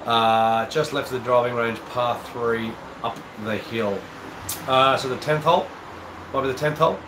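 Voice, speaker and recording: An Australian man with a mid-pitched voice, nasal and a bit stuffy from a cold, chats loosely through viewer comments with plenty of ums and uhs. He sounds like he's in an echoey indoor room, and an air conditioner hums clearly behind him. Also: fairly even intonation, moderate pace, background noise. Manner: casual, chatty, rambling with fillers. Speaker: golf channel host. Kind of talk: live-stream chat reading viewer comments.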